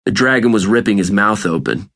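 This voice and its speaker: A man narrating an audiobook in a measured, deliberate reading. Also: lowish voice, a bit bright. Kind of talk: scripted narration.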